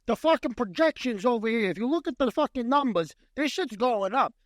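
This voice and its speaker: A man's voice: very high voice, animated, brisk, no room sound, clean studio sound, pitched above the performer's own voice. A man putting on a brash, foul-mouthed male New York boss with a thick New York accent. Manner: loud, brash, swearing constantly.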